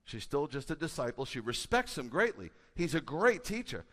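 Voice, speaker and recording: A man, a rabbi, preaching a sermon with a conversational manner and bursts of loud, emphatic delivery. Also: on the high side, moderate pace, few pauses. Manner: animated, rising to loud emphatic peaks. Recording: hall with long reverb.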